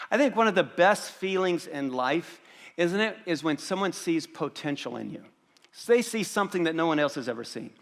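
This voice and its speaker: A man's voice: sits high, a bit bright, big-room sound. A male pastor preaching a sermon to a congregation in a conversational way, asking the audience rhetorical questions and often repeating words as he restarts. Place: church auditorium before a congregation.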